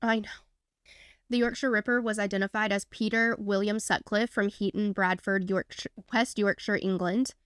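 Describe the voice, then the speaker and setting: A woman's voice: mid-range voice, steady tone, normal speed, a bit bright, clean tone. A woman with a mid-range voice co-hosts a true crime podcast. She tells the story casually and drops dry, sarcastic quips. Her voice is recorded close and dry, with no room echo.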